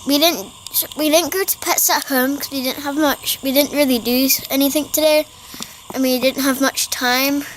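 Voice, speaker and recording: A woman's voice: high voice, fairly even intonation, moderate pace, a little hiss or hum, rough recording. A young girl chatting casually in a family vlog, rambling and restarting her sentences. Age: child. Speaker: vlogger. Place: garden outdoors.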